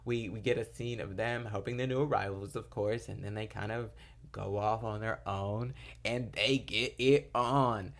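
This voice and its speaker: A young man with a fairly low voice talks through a TV episode in a loose, chatty recap. He rambles, piles on fillers, and slips into quoted lines as he retells scenes. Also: steady tone, normal speed, gravelly. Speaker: TV episode reviewer. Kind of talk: casual recap chat.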